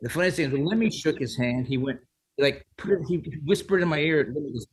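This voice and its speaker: A musician guest in his sixties tells long, rambling stories in a casual interview, his fairly high, husky voice moving at a quick pace. His anecdotes are full of restarts and "like," and the recording is rough.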